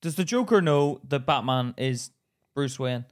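A man's voice: medium pitch, animated, unhurried. A man co-hosting a podcast, playfully questioning and joking in casual chat. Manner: playful, questioning, bursts into loud laughter. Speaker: podcast co-host.

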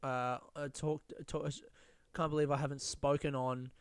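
A man's voice: mid-range voice, little pitch movement, measured pace, clean tone, dry recording, studio quality. A man hosting a casual solo podcast, ranting in a rambling, profane way with lots of restarts. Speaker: podcast host.

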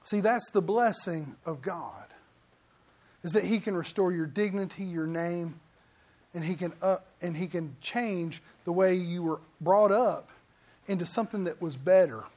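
A middle-aged man preaching a conversational sermon as pastor, breaking into loud mock outbursts now and then. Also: sits high, a little slow.

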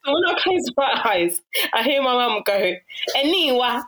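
A woman's voice: on the high side, moderate pace. A young woman with a South London accent, telling stories in a casual interview and acting out other people's voices. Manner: animated storyteller who acts out voices, laughs often. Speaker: guest.

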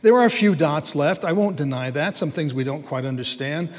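Man, preacher, sermon, somewhat high-pitched, earnest, stumbling restarts, reverberant hall. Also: lively intonation, a little fast. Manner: earnest, repeats and restarts words, emphatic rises.

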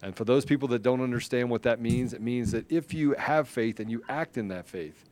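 A middle-aged man hosts a political talk podcast in a fervent, rambling way, often restarting his sentences. His voice sits at a medium pitch. He closes out guests with earnest, rallying appeals. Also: brisk. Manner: fervent, rambling, with many restarts, rising to rally-style shouting. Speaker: podcast host. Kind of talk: casual political talk show.

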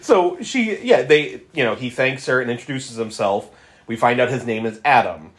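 A podcast co-host who retells movie scenes with lots of giggling and a very lively, swooping delivery. The pitch moves around a great deal from line to line. The recording picks up a roomy echo. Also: normal speed. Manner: giggly, animated storytelling with frequent laughs. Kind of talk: casual movie-review chat.

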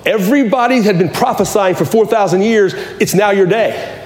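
Male pastor, high voice, passionate repetitive preaching, echoey room. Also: normal speed, darkish tone. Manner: impassioned, repetitive preaching with restarts. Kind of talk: sermon.

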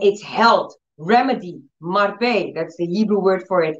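A woman teaching her church audience about healing, giving an earnest, repetitive testimony with soft laughs. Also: fairly low pitch, animated, unhurried, few pauses. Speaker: Bible teacher and church leader. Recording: distant, dull-sounding mic.

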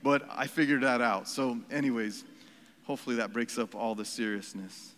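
Earnest preacher in a reverberant hall. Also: male voice, mid-range voice, moderate pace, a bit bright, slight background noise. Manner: earnest, emphatic preaching with repeated phrases and asides. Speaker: pastor. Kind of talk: sermon.

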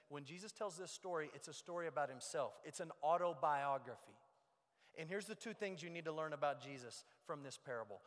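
A man preaching a sermon as pastor, moving between loud emphasis and hushed low lines. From United States. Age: young adult or middle-aged. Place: church sanctuary. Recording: long reverb of a large hall.

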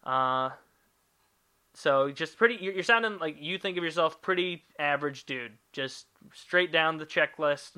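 A man hosting a laid-back podcast with a fairly high, bright, forceful voice. He rambles through listener questions, swears freely and hums filler syllables while he finds his place. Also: normal speed, smooth. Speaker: podcast host. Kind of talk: casual podcast chat, reading listener questions.

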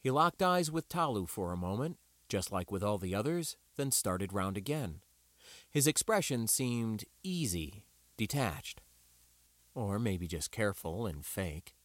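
A man narrating an audiobook with a wry, expressive reading. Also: fairly low pitch, measured pace, dry recording.

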